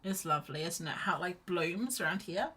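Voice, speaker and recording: This young woman's voice is lowish, expressive and fairly quick. Sketching on a livestream against a noisy background, she rambles casually, often using fillers and starting sentences over.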